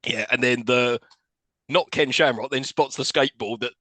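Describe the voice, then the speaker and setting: Recapping a film on a podcast, a male co-host chats casually, laughing often and swearing as he goes over scenes. His medium-pitched voice is pushed and bright at a moderate pace, in a dry recording.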